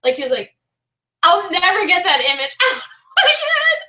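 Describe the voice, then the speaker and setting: A woman vlogger telling a story casually, her voice high and bright. She scatters "like" through every sentence and laughs easily. The sound bounces around an echoey room. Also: wildly swooping pitch, normal speed.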